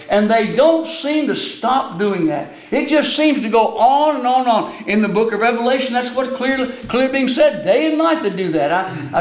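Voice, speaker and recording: High-voiced older preacher, echoey room. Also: male voice. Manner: folksy storytelling, repeats words when starting. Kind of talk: sermon.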